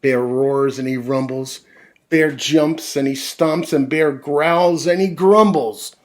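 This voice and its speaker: A man reading a children's picture book aloud in a gentle, drawn-out, expressive way, then chatting to the kids. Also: mid-range voice. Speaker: storyteller for children.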